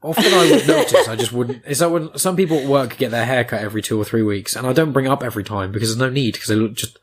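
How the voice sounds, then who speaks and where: A man's voice: medium pitch, quick pace. A young man hosting a podcast, chatting casually with blunt opinions and a habit of swearing. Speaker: podcast host. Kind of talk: casual chat.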